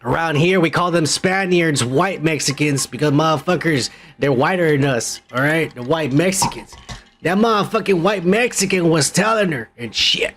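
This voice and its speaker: A man's voice: on the high side, normal speed, a bit bright. A man from Texas hosting a podcast, ranting in crude, mocking, profanity-laced commentary. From Texas, USA. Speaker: podcast host.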